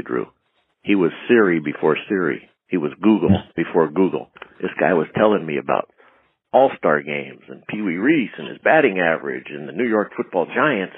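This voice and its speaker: A man being interviewed as a guest, telling stories in an animated way and acting out quoted lines in a raised voice. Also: low-pitched, breathy edge. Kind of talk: anecdotal storytelling. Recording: tinny phone-line audio.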